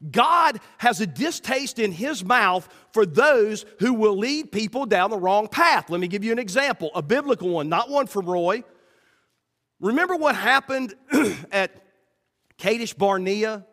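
A man preaches to his congregation in a high, lively voice that swoops up and down. He slips into the voices of people in his stories as he goes. The sound carries a long reverb from a large hall. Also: a little slow. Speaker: pastor. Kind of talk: sermon.

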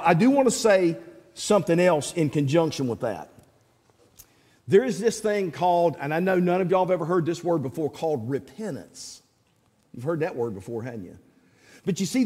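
A man's voice: fairly high pitch, sing-song, moderate pace, a little mellow. A middle-aged man preaching a sermon, emphatic, repeating words and speaking straight to the congregation. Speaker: pastor. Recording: long hall reverb.

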